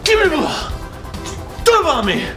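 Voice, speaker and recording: A demanding shrill batsman, high and piercing. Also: very animated, a little fast, over music. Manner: demanding, shouty. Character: shrill impatient male cricket batsman.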